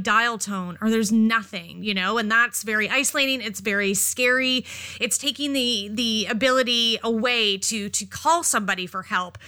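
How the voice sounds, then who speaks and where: A woman's voice: on the high side, sharp tone. A woman co-hosting a podcast in casual conversation, speaking emphatically, with rhetorical questions and some casual swearing. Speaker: podcast co-host. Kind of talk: casual chat.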